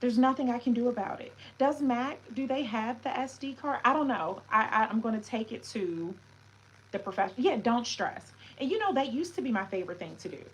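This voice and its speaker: A woman's voice: on the high side, animated, normal speed, dull audio, a little hiss or hum. A woman hosting a casual livestream, talking reflectively to her viewers and greeting them with French words. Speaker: livestream host.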